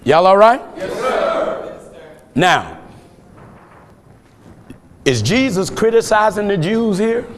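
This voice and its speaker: A man preaching a fiery sermon, shouting his points with chuckling asides between them. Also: high-pitched, sing-song, takes it slowly, pauses often, a crowd in the background. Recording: long hall reverb.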